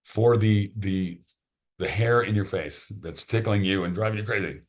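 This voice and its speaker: A man's voice: lowish voice, normal speed. A man, a podcast guest, chatting casually and enthusiastically, often restarting his sentences. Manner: enthusiastic, rambling, repeats words when starting sentences.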